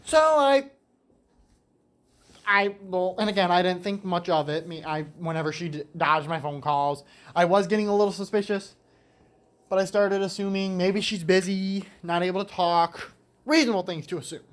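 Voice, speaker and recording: A man's voice: sits high, fairly even intonation, moderate pace. A young man in his late teens tells a story in a casual monologue from a garage on a cold day. He rambles with restarts and casual swearing, and sounds slightly winded. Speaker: vlogger telling a story.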